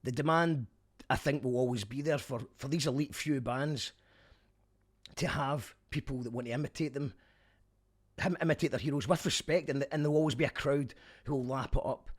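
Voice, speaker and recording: A Scottish man in his younger adult years, talking through a concert review in a loose, conversational way. His voice sits at an ordinary middle pitch, and he drops the odd dry, wry joke as he goes. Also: normal speed. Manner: chatty, wry asides. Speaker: podcast host. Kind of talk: casual spoken review.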